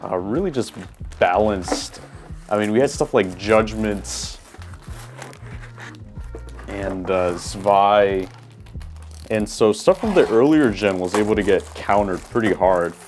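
A man casually talking through a toy unboxing at a small table, relaxed and chatty with frequent ums and uhs. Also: fairly low pitch, takes it slowly, pauses often, soft background music. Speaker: toy collector reviewer.

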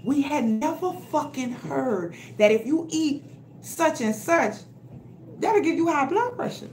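A woman, telling her story to viewers in a casual, profane, animated way on a phone livestream. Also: high voice, measured pace, a little hiss or hum. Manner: blunt, profane and animated, talking straight to viewers. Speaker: health vlogger. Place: at home.

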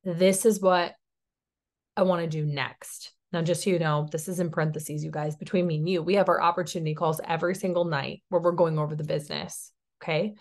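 A woman's voice: sits low, fairly even intonation, fast, hardly any pauses. A woman in her thirties from Tennessee, giving a chatty, encouraging sales training talk and often checking in with "okay?". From Tennessee, USA. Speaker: network marketing team leader.

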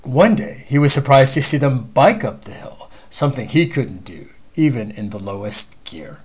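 A man reading his own novel aloud in measured, steady storytelling. His voice sits in an ordinary middle register for a man, and he narrates at an even pace. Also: mid-range voice, breathy edge, low-quality recording. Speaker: author. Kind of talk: scripted narration.

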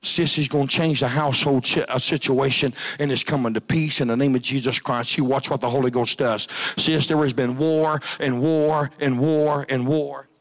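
A man preaching a revival sermon in a church, shouting and rising to high cries. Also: steady tone, moderate pace, few pauses. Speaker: pastor. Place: church sanctuary.

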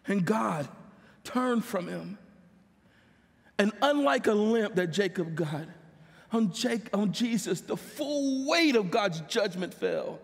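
A male pastor giving an emotional sermon testimony, weeping as he speaks and rising into impassioned pleas. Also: sits high. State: crying. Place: church sanctuary. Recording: long hall reverb.

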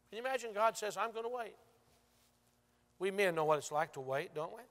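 A male pastor preaching a sermon, telling stories and moving from loud to hushed. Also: a little high. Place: large church sanctuary. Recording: long church reverb.

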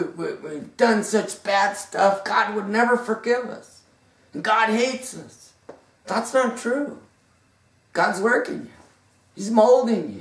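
A woman preaching a fervent sermon, repeating and stumbling over words, in an echoey room with the mic far off. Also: medium pitch. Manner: fervent, stammering repetitions.

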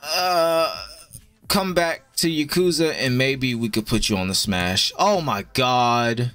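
A young man streams over faint background music, talking slowly to his viewers. His verdicts are blunt and profane, and he tosses them off with a laid-back drawl at a middle pitch. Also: a bit bright. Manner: chatty with viewers. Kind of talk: casual live-stream commentary.

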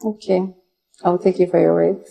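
An actress playing a trusting young woman with a Nigerian accent, soft and worried. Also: lowish voice, level tone, normal speed, creaky, poor audio.

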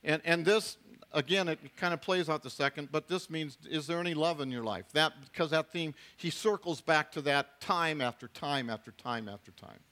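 A middle-aged male pastor delivers a sermon with a bright, forceful voice pitched a little above the usual for a man. He talks conversationally, restarting phrases and tossing in asides. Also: normal speed.

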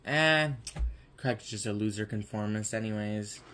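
A man's voice: mid-range voice, steady tone, brisk. A man bantering in a puppet comedy, with a sarcastic, jokey manner.

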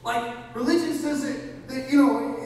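A man's voice: very high voice, a little slow, a little mellow. A man preaching a sermon as pastor, earnest, asking the congregation questions and often restarting his words. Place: church hall. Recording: echoey hall, voice from far off, faint noise.

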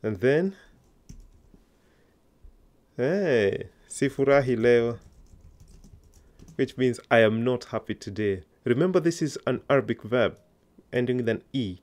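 A man's voice: mid-range voice, expressive, measured pace, long pauses, a little mellow. A man teaching an online language lesson, patiently coaxing learners to answer aloud.

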